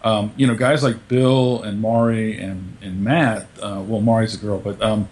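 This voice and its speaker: A man's voice: on the low side, little pitch movement, a little slow, darkish tone. A man, co-hosting a casual podcast chat, rambling with many fillers and restarts. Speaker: podcast co-host.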